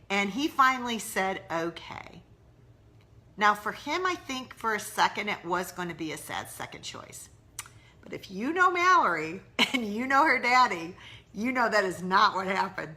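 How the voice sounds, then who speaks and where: A woman's voice: medium pitch, sing-song, unhurried, pushed and bright. A middle-aged woman hosting a casual live stream, candidly answering viewers' questions and chatting with their comments. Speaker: host of a live mom-mentoring broadcast. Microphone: live-stream webcam or phone.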